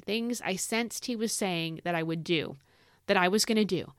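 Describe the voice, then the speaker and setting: A woman's voice: lowish voice, fairly bright tone, dry recording, studio quality. A middle-aged woman hosting a faith podcast, chatting casually and rambling with frequent restarts. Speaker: podcast host. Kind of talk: casual devotional podcast talk. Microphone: podcast microphone.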